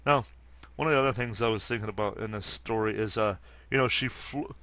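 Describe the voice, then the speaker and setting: A man around fifty reading a comic aloud and commenting casually, halting often with fillers and restarts. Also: fairly low pitch, pushed and bright. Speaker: comic book reader and commentator.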